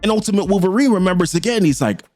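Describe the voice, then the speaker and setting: A man talks through a comic book issue panel by panel, slipping into slangy voices for each character. His voice sits fairly high and swings in lively, animated pitch. Soft music plays faintly underneath. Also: racing, no room sound. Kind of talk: casual comic recap.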